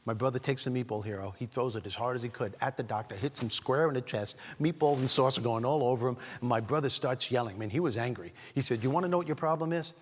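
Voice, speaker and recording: A man giving a motivational keynote speech, animated and talking straight to the audience as he tells a story. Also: mid-range voice, fast, few pauses, breathy edge. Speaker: keynote speaker. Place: large event hall. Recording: long hall reverb.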